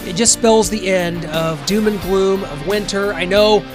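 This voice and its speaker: A Midwestern American man hosts a rock podcast, chatting in an upbeat, rambling way. His voice is high and unhurried, with music playing in the background.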